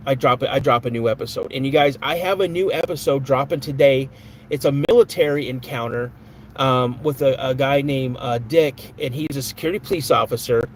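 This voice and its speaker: A man's voice: medium pitch, a little hiss or hum, rough recording. A man hosting a podcast live stream, chatting casually with viewers in a rambling, off-the-cuff way. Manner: rambling, reads chat aloud, flares up angrily at a troll. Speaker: podcast host.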